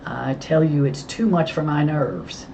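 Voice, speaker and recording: A woman's voice: low voice, unhurried, creaky, a little mellow, highs cut off, a little hiss or hum. A woman reading the part of a gloomy, superstitious old ranch cook woman who talks in a folksy, plain way.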